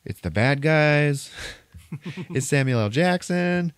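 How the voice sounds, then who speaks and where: Man doing an excitable teenage boy. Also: fairly high pitch, takes it slowly, clean tone, dry recording, studio quality, voice pushed up. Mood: excited. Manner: startled, casual, swearing. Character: excitable teenage boy who sees monsters.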